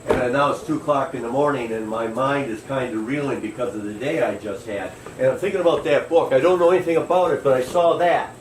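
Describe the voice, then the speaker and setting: A man guiding a tour, telling a long story to a group in a folksy, animated way. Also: mid-range voice, fairly quick, few pauses, slight background noise. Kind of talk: storytelling to a crowd. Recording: roomy distant recording with faint ambience.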